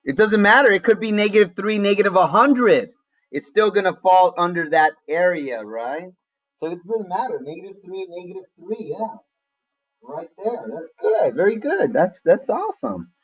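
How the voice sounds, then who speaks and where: A man's voice: high-pitched, sing-song, normal speed, lo-fi sound. A man teaching a math lesson to a class online in a casual, friendly way, calling on students by name.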